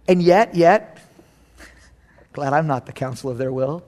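A man's voice: a little high, expressive, normal speed, pauses often, a little mellow. A man preaching a sermon as a youth pastor, telling stories animatedly and acting out quotes.

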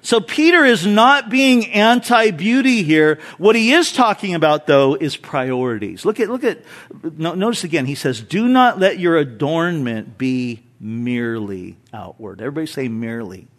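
A male pastor delivers a sermon to his congregation in a fairly high voice. His pitch swings widely as he stresses points and drops into quiet asides. He tosses in light jokes between points. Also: normal speed. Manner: animated, emphatic, jokes with the congregation. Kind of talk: expository sermon.

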